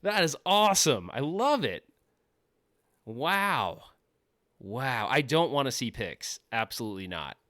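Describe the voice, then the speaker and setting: A male livestream host chatting casually from his home office, rambling, joking and laughing at himself. His pitch swings around a lot as he talks. The sound is dry, with no room echo. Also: sing-song, a little slow, sharp tone. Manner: rambling, joking, self-deprecating, often laughing.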